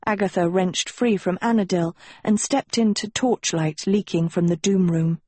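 A woman narrating an audiobook in a measured, unhurried storytelling manner. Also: fairly low pitch, steady tone, a little mellow, husky, no echo. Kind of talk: scripted narration.

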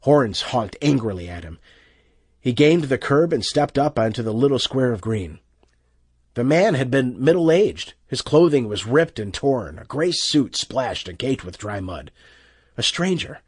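A man narrates an audiobook with tense, expressive storytelling. His husky voice moves across a wide pitch range, and the dry, close sound leaves no room echo. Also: unhurried.

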